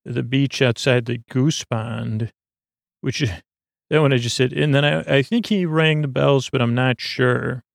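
A man giving a rambling recap of a show episode, halting often with fillers and restarts. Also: mid-range voice, vocal fry, dry recording, studio quality.

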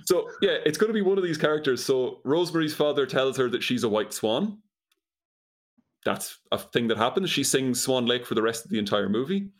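Recapping a film on a podcast, a man with a medium-pitched, animated voice talks fairly quickly. He relates the plot dryly and with disbelief, breaking into laughter often in this casual comedic conversation.

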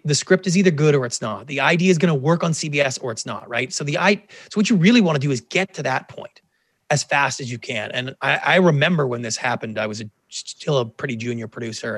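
A middle-aged man, a television producer guest in an interview, telling stories in a lively way and acting out the quoted dialogue. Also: a little high, no room sound. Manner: animated, acts out quoted dialogue. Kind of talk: casual interview storytelling.

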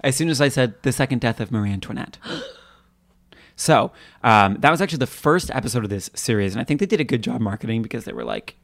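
A woman co-hosting a podcast in casual chat, animated and playful, laughing often. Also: rumbling low, quick pace, vocal fry, few pauses, no room sound, studio quality. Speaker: podcast co-host.

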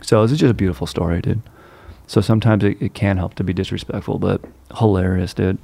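In a dry recording with no echo, a young guy talks loosely and profanely, peppering his rambling stories with constant "dude"s. His low voice is creaky, mellow and husky, moving at a quick clip with fairly even intonation, and his manner stays relaxed throughout.

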